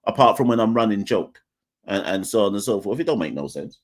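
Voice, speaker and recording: A young man with an English accent hosting a live call-in podcast, talking off the cuff. His voice sits fairly low, and he rambles, restarts and corrects himself as he thinks aloud. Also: expressive, a little fast. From Jamaica. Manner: rambling, self-correcting, conversational. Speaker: podcast host.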